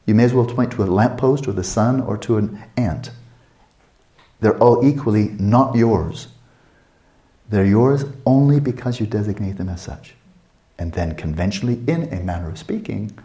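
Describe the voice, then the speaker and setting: Older male dharma teacher, mellow tone, roomy reverb, casual teaching. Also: fairly low pitch, moderate pace. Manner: conversational, playful asides with acted quotes. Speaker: meditation teacher. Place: retreat teaching hall.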